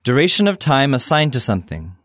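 Male lesson host, lively pitch. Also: a little fast, no echo, studio quality. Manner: explains and prompts vocabulary. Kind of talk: scripted lesson presentation.

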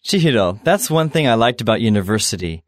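Male lesson host, lively intonation, dry close studio sound. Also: on the low side, a little fast, no room sound. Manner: explains and prompts vocabulary. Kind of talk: scripted lesson presentation.

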